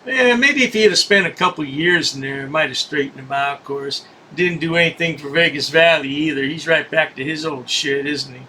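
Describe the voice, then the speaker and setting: A man's voice: fairly high pitch, a little fast, pushed and bright, a little hiss or hum, low-quality recording. A man hosting a commentary show, talking in a sarcastic, mocking way about a clip. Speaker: commentary host. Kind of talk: commentary on clips.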